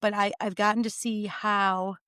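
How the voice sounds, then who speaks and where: Woman podcast host, mid pitch, smooth clear tone, earnest and upbeat. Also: little pitch movement, bright, forceful tone, no echo, studio quality. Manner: upbeat, earnest, talks in quick bursts. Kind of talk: casual chat.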